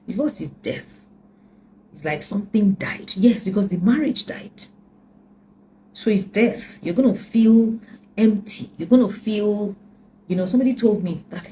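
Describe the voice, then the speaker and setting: A woman's voice: mid-range voice, expressive, normal speed, dark tone, slight background noise, rough recording. Emphatic woman coach. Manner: emphatic, repeats key lines, drops to near whispers. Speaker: relationship coach. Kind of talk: earnest advice talk.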